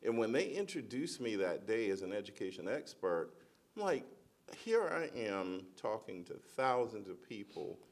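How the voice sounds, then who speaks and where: A middle-aged man speaking on a career panel, a school principal who tells his story animatedly. His voice sits a little low, and he acts out the voices of the people he quotes with a storyteller's energy. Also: sing-song, moderate pace.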